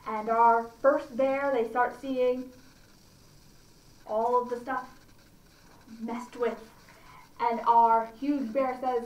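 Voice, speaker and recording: A woman at a library reading a fairy tale aloud to children, pausing to comment and ask them questions. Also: on the high side. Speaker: library storyteller. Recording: roomy, distant mic, faint ambience.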